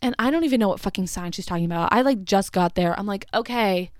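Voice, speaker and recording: A young woman tells a retail storytime in an exasperated rant, peppered with "like" and casual swearing. Her voice sits at an ordinary middle pitch, recorded close and dry with no room around it. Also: fast, no room sound. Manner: exasperated, swears, lots of "like" fillers. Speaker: retail cashier telling a story.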